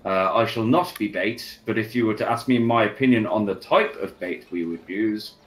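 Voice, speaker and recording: A man's voice: fairly low pitch, normal speed, fairly bright tone. A man playing a tabletop game, talking in a formal, mock-stern lecturing way in character. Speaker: tabletop player voicing a gnome.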